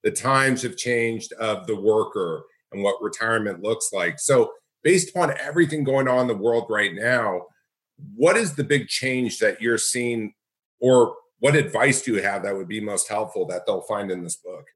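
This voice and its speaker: A man's voice: fairly low pitch, normal speed, a bit bright. A man hosting an interview, asking questions in a conversational way and sharing personal anecdotes. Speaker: interview host.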